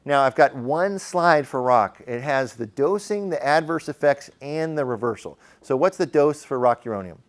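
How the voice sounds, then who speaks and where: Male emergency medicine teacher, smooth tone, chatty classroom lecture full of fillers. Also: mid-range voice, expressive, normal speed, hardly any pauses. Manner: conversational, questions the class, frequent fillers.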